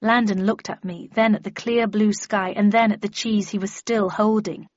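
A woman with a medium-pitched, steady voice reads a first-person novel aloud at normal speed in a dry, wry storytelling manner. The audiobook recording is dull, lo-fi, and dry, with no room sound.

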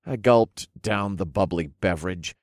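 A man narrating a fantasy audiobook in first person, with relaxed, wry storytelling. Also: deep voice, measured pace, no room sound, clean studio sound.

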